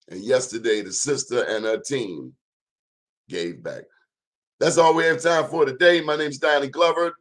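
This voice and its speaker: A man hosts his own show and talks straight to the audience. His delivery is emphatic and preachy, full of folksy sayings. His voice sits at an ordinary, middle pitch for a man. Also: normal speed, a bit bright. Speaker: show host. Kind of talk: talk show monologue.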